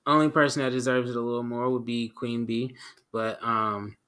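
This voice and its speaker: A man's voice: mid-range voice, level tone, moderate pace, a bit bright, clean tone. A man co-hosting a podcast, chatting casually in a skeptical, questioning, easygoing way. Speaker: podcast co-host. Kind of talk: casual chat.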